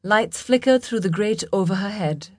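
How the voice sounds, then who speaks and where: A woman narrating a fantasy audiobook in a measured, dramatic storytelling manner. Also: mid-range voice, lively intonation, no echo, studio quality.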